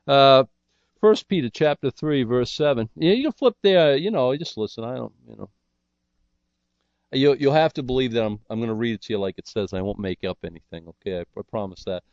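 A man's voice: medium pitch, a little fast, darkish tone, no room sound, dull audio. An older man preaching a sermon in a folksy, earnest way with self-deprecating humor.

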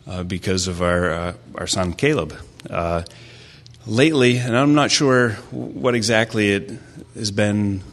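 A man in his thirties giving an informal sermon, talking haltingly with many restarts and fillers. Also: low-pitched, a bit bright. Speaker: preacher sharing a devotional. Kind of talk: informal sermon with family stories.

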